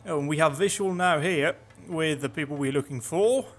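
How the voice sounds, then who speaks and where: A man's voice: fairly high pitch, moderate pace. A man giving casual, sarcastic commentary while playing a video game, talking to himself. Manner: chatty, sarcastic, muttering to himself. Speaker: gameplay commentator. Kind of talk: casual let's play commentary.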